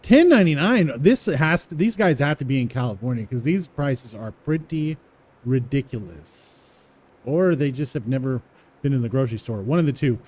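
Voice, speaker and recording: A man walking through a coding exercise, repeating words aloud slowly as he types them and chuckling to himself. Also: medium pitch, animated, darkish tone, breathy edge. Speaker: coding tutorial presenter. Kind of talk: casual live coding walkthrough.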